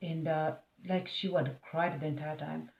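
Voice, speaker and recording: A woman's voice: low-pitched, fairly even intonation, unhurried, creaky. Chatty Kenyan woman, tinny and echoey. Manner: chatty, emphatic, talks straight to the viewer. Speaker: vlogger. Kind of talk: storytime vlog. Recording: tinny, phone-like and roomy.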